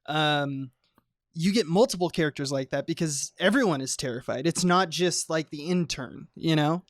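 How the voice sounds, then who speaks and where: A man's voice: fairly high pitch, moderate pace, no echo, clean studio sound. A man talking over a film on a casual podcast, in a thoughtful, hedging way with plenty of fillers. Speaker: podcast guest.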